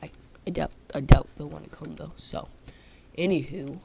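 A woman's voice: low-pitched, fairly even intonation, moderate pace, vocal fry, background noise. A young woman casually chatting over a video game, rambling and poking fun at herself. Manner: rambling, self-mocking, talks to viewers. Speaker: gaming vlogger. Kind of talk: casual gameplay commentary. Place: home, indoors.

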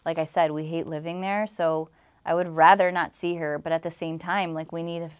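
A woman's voice: low voice, level tone, fairly quick, clear, resonant tone. A young woman from Illinois telling an emotional personal story as an interview guest, rambling with many "like"s and acting out what others said. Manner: rambling storytelling, full of "like", acts out quoted exchanges.

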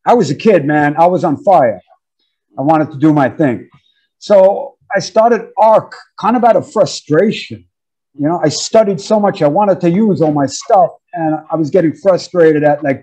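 A man in his fifties from New York, an interview guest telling animated, slangy stories about his career with frequent laughs. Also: fairly high pitch, normal speed, husky, rough recording. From New York, USA. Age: 50s. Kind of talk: casual storytelling interview.

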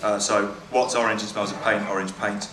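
A man doing live stand-up comedy, reading out jokes in a wry, halting way with lots of fillers and self-corrections. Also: fairly low pitch, flat delivery, background noise. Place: comedy venue with a live audience. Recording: echoey venue with loud crowd. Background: audience laughter and cheering.

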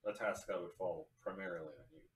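Man, player, confident, deliberate, lowish voice, echoey room. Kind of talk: casual tabletop play. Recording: roomy echo.

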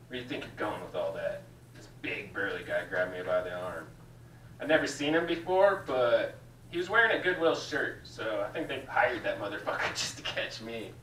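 A man's voice: medium pitch, fairly bright tone. A man doing a stand-up set, telling loose, confessional stories full of swearing in a small cafe comedy room. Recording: roomy, distant with faint room noise.

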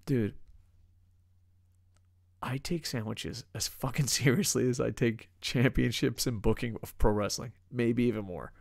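A man's voice: medium pitch, vocal fry, dry recording, clean studio sound. A man from New Jersey co-hosting a casual wrestling review, swearing a lot, laughing often and talking emphatically. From United States, New Jersey. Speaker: podcast co-host. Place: lives in Japan.

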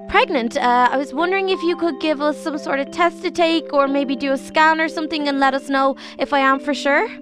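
High-voiced young woman, nervous and hesitant. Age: young adult. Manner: nervous, hesitant, lots of uhs. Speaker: roleplay host. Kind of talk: casual game roleplay. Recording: background music under voice.

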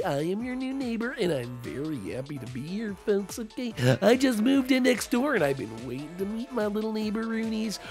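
A man voicing a pushy, lonely turtle neighbor in a Minecraft role-play, drawling a slow salesman patter. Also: high-pitched, vocal fry, a little mellow, exaggerated voice. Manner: slow salesman patter, says "folks" constantly.

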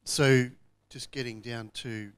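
A man at a workshop, asking questions through a handheld microphone. He halts and restarts as he looks for the right words. The sound is dry and close, at a middle pitch. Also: steady tone, slow pace, smooth, no echo. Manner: hesitant, searching for words. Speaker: workshop participant.

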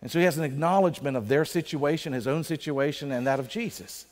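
Male pastor, fairly high voice, conversational sermon, slows for emphasis, long church reverb. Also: a little mellow. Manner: conversational preaching with emphatic slowdowns. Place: church sanctuary.

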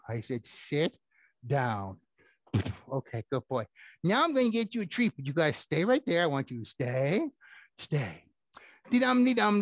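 A man's voice: medium pitch, no room sound. A man performing a children's puppet show, telling rhymes in a playful, theatrical way. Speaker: puppeteer and storyteller.

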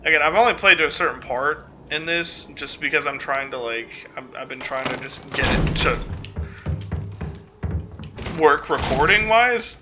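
A man's voice: fairly high pitch, expressive, moderate pace, loud music behind the voice. A man giving casual gameplay commentary, rambling and self-interrupting, full of fillers. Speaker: let's play host.

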